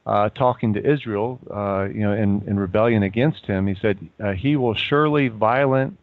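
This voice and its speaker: A man's voice: fairly low pitch, normal speed, no room sound. Man in his fifties on a tinny phone line. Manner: relaxed, reads passages aloud. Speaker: guest, former Navy sailor. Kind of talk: casual chat.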